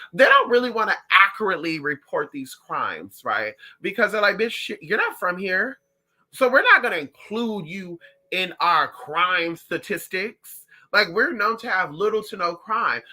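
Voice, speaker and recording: Sassy psychic vlogger with a sharp, very bright tone and a mid-range pitch. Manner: sassy, calls viewers honey and girl; animated, swings up and down in pitch. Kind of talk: casual chat to viewers.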